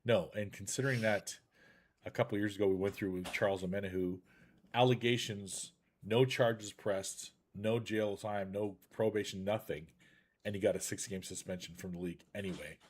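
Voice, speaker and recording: A man's voice: fairly low pitch, moderate pace, slightly rough. A man hosting a casual live chat show over a video call, joking and rambling, sounding a little congested. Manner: lively, jokey, rambling. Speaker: podcast host.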